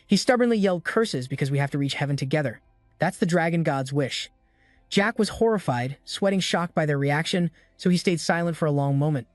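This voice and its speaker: A man narrating a story recap in a steady, even storytelling manner. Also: fairly high pitch, brisk, dry recording, clean studio sound. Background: faint music.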